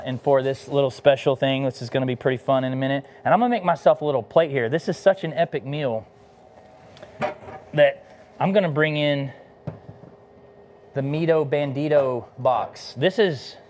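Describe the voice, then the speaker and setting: A man's voice: mid-range voice, normal speed, a little mellow. A middle-aged man from Texas, a barbecue pitmaster chatting casually between bites while hosting a live cooking demo. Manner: laid-back and enthusiastic, talking between bites.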